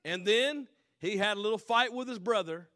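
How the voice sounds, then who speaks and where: A man preaching a sermon, reading scripture slowly and with emphasis, then retelling it in loose everyday talk. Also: sits high, sharp tone, dry recording, clean studio sound. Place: church.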